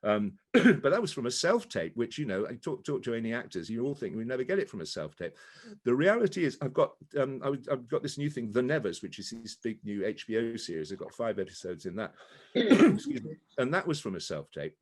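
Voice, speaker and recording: This southern English man talks in an easy, chatty way as a guest, spinning stories and dropping into little voices as he goes. His pitch rolls up and down freely, sitting at a middling height for a man. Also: fairly quick. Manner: animated storyteller who slips into voices. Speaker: guest actor. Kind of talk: casual chat.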